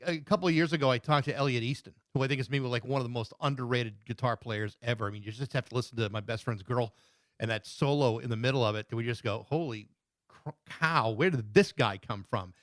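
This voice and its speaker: Podcast host, man, mid-pitched voice, excited and chatty, dry close sound. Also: fast, dry recording. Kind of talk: casual interview chat.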